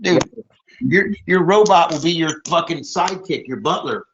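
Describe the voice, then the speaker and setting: A man hosting a casual podcast chat, excitable and rambling, saying dude a lot. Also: fairly high pitch, normal speed, slight background noise. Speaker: podcast host, comic book publisher. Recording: dull lo-fi audio.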